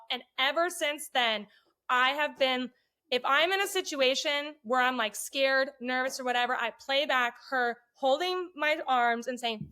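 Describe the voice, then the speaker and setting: A middle-aged woman telling a story in casual chat, profane and animated, acting out what people said. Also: high-pitched, normal speed, clear, resonant tone. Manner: profane, animated, acts out quotes. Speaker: podcast guest.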